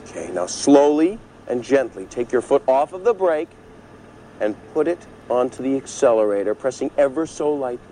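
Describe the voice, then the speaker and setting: A man's voice: mid-range voice, expressive, moderate pace, warm tone, a little hiss or hum, lightly acted, rough recording. An actor playing an overprotective sitcom father, middle-aged, nervous and bossy, giving anxious driving instructions. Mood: fussy. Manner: nervous, bossy, snaps into sudden yelps. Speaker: father teaching his daughter to drive. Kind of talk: sitcom acting.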